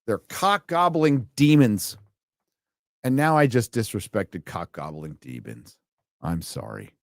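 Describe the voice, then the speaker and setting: A man's voice: fairly low pitch, sing-song, slow, vocal fry, dry recording, clean studio sound. Profane, sarcastic male stream host. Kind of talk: ranting live stream commentary.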